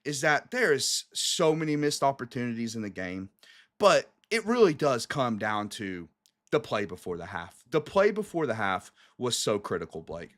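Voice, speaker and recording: Young male co-host, emotional and exclamatory, lively pitch swings, casual sports talk. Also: moderate pace. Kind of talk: casual sports podcast chat.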